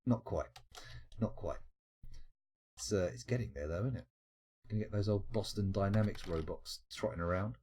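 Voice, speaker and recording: A man's voice: medium pitch, mellow, husky. A British man streaming late at night, chatting casually and answering his viewers' comments, rambling and swearing with lots of restarts. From United Kingdom. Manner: rambling, sweary and jokey, with frequent restarts and laughs. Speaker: live streamer.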